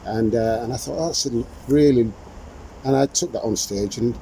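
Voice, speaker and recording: A man's voice: mid-range voice, normal speed, mellow, a little hiss or hum, poor audio. An older man hosting a podcast in casual chat, telling rambling anecdotes with frequent laughs, recorded outdoors. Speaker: podcast host. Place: outdoors in the sunshine.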